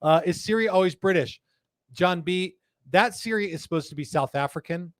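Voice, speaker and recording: A man's voice: high voice, normal speed, no room sound, clean studio sound. A middle-aged man hosting a live podcast, chatting casually, laughing often and reading viewer comments aloud. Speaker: podcast host. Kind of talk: casual live-show chat.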